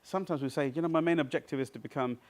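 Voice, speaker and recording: A seminar trainer with a slightly high voice talks rapid-fire while running a live workshop. He keeps his small group in the seminar room engaged and checks frequently that they're following.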